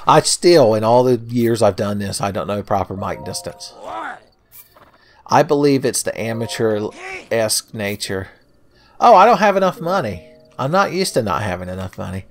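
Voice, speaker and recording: A man's voice: lowish voice, lively intonation, normal speed. A man giving casual, joking commentary over a video game, swearing freely and breaking into laughter. He talks into a home microphone set close. Faint game music plays underneath. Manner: profane, joking, laughs often. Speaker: let's play host. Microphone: home mic, close.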